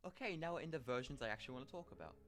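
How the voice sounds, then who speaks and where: Quick, lively male commentary narrator. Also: medium pitch, background noise. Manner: brisk, opinionated. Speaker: video narrator ranking actors.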